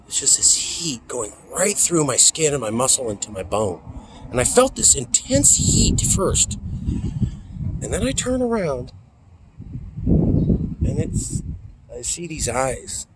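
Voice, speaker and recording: A man in his forties from California tells a story outdoors, in a halting, emphatic way that sinks to a near whisper at moments. His voice sits at an ordinary middle pitch. Loud traffic and street noise run steadily behind him. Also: very animated. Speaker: political activist. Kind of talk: personal storytelling.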